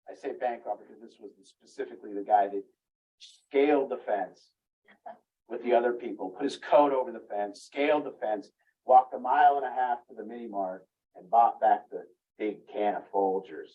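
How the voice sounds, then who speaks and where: A man telling a rambling, candid story in a group talk, laughing at himself now and then. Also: mid-range voice. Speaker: group speaker. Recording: muffled, distant room recording.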